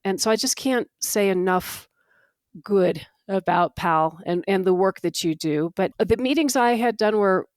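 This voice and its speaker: A middle-aged woman hosting an interview, speaking in a reflective, measured way. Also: medium pitch, dry recording, studio quality. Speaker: host, former congresswoman. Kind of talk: conversational interview.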